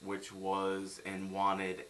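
A man's voice: deep voice, completely flat delivery, drawn-out words, fairly bright tone, slight background noise. A young man from the United States ranting sarcastically in a film review vlog.

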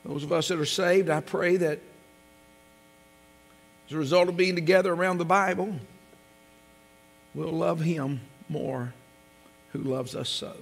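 A man preaching a sermon as pastor. He builds up to loud, drawn-out scripture readings and sinks to a soft voice in prayer. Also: gravelly. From came to North Carolina at seventeen. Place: church sanctuary. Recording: long reverb of a church hall with a low mains hum.

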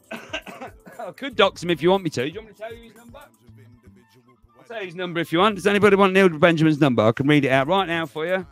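A man's voice: high-pitched, fast, pauses often, a bit bright, soft background music. Rambling man chatting with viewers. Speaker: livestream host. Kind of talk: casual livestream chat.

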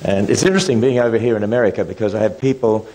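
A man's voice: fairly low pitch, racing, dark tone, rough recording. An older man with an Australian accent, giving a public lecture as guest speaker in a joking, conversational way. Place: university lecture room.

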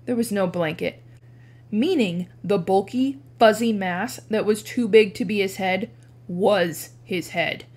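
A woman reads a chapter book aloud in an expressive classroom style. She narrates steadily and lifts her voice for the dialogue. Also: a little slow. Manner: animated, changes pitch for dialogue.

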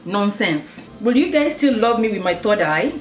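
A woman's voice: medium pitch, normal speed, roomy sound, far from the mic, faint music behind. A young Nigerian woman with a Nigerian accent, joking and teasing through a comic vlog monologue full of rhetorical questions. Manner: animated, teasing, rhetorical questions, laughs often. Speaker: comedy vlogger.

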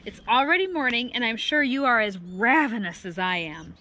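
A woman's voice: a little high, animated, moderate pace. A woman doing a fussing mother hyena. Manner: warm scolding, motherly.

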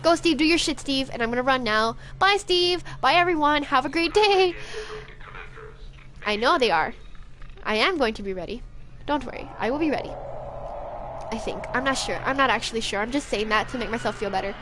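High-voiced, jittery young woman streamer. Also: quick pace, a little hiss or hum. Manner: profane, jittery, excitable. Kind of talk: frantic gameplay commentary.

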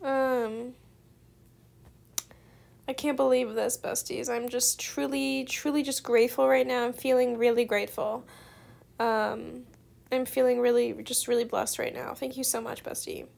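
Young female student gamer, gushing and excitable; high-pitched with a gravelly fry. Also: a little slow. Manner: gushing, effusively grateful, giggly. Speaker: gaming video creator. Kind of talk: excited gameplay commentary.

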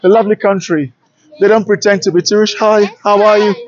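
A man's voice: high voice, flat delivery, a little fast. A man with a British-influenced Nigerian accent, giving an enthusiastic, opinionated walking vlog to camera outdoors on city streets, recorded handheld on a smartphone. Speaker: travel vlogger. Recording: lo-fi smartphone audio.

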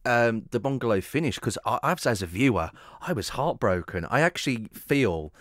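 Young male podcast host, mid-pitched, chatty and nostalgic, dry room. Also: expressive, normal speed, a bit bright, dry recording. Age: 20s. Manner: fond, chatty, reminiscing. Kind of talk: casual interview chat.

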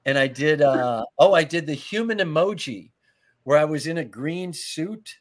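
A man with a fairly high voice spins comic anecdotes as a talk-show guest. He laughs through his stories and drops into acted lines. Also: expressive, normal speed. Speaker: guest, comedy writer. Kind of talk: animated anecdotal storytelling.

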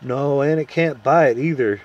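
A man's voice: medium pitch, measured pace, a little mellow, dull audio, pitched above the performer's own voice, lightly acted. A man voicing a gloomy male marsh creature who speaks in a blunt, grumbling, folksy way. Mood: gruff.

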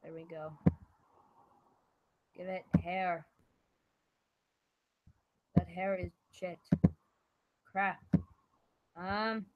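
A young woman with a hoarse, ill voice, chatting casually and self-deprecatingly while she draws. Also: on the low side, steady tone, drawn-out words, pauses often, dry recording, dull audio. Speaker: vlogger drawing on stream. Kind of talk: casual solo commentary while drawing.

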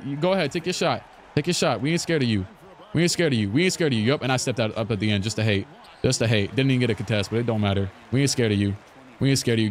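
A young man commentating his own basketball video game play, taunting opponents and repeating phrases. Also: medium pitch. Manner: trash-talking, repetitive, taunting. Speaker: gaming streamer.

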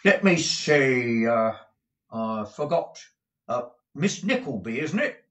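A man voicing an insolent, grinning male footman who talks in a mocking, drawn-out way. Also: medium pitch, animated, muffled recording, voice pushed up. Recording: roomy echo.

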